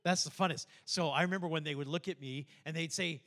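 This older pastor preaches a sermon in a rather high voice and speaks quickly. He tells stories animatedly, acting out the voices of the people in them.

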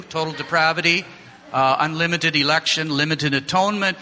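A man's voice: on the high side, lively intonation, normal speed, pushed and bright. A man giving an informal, digressive church class from slides, joking with his listeners as he goes. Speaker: church teacher. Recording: long hall reverb, mains hum.

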